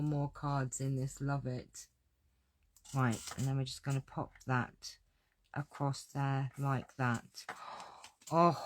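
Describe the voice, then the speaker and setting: A woman hosts a card-making tutorial from her home craft desk. She chats to her viewers in a gushing, exclamatory way, and her talk is often slow and drawn out. A faint hiss sits under the recording. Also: deep voice. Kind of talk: live crafting tutorial chat.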